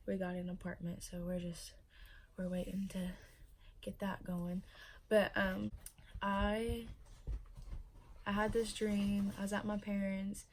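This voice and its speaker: Young woman, pregnant, casual vlog chat, emotional, lots of fillers, flat melody. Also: mid-range voice, a little hiss or hum. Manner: chatty and emotional, many fillers. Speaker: vlogger.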